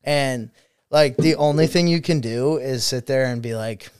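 A man's voice: mid-range voice, unhurried, smooth, no echo. A young man, a student teacher, telling stories in a casual chat, swearing freely and laughing as he goes. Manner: profane, laughing, animated storyteller.

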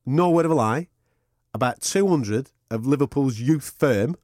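Male podcast co-host, lively swinging pitch, dry close sound, sweary storytelling. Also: a little slow, no echo. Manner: swearing, animated anecdote-telling. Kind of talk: casual storytelling banter.

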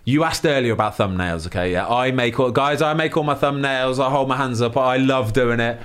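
Fast-talking man hosting a podcast. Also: medium pitch, clean tone. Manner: animated storyteller, acts out quotes. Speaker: podcast host. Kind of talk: casual podcast chat.

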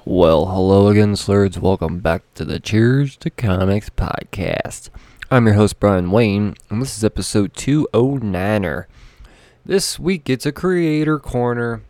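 A man hosting a casual podcast from a small studio room, chatty and quick to laugh, with lots of fillers. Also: lowish voice, dark tone, no echo. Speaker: podcast host.

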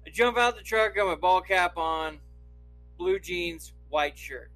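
Man, from Idaho, profane storyteller, laughs a lot, high voice. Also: unhurried, fairly bright tone, soft background music, poor audio. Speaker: podcast storyteller. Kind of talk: casual anecdote telling.

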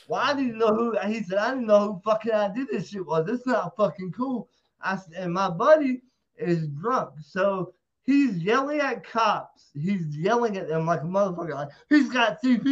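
High-voiced man telling a wild story. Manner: profane, animated, acts out quotes. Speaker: interview guest. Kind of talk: casual storytelling. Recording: dull lo-fi audio.

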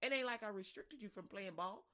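A woman's voice: medium pitch, a little fast, fairly bright tone, close to an everyday voice. A woman voicing a mother who scolds her son in a stern, matter-of-fact way, close to her own voice.

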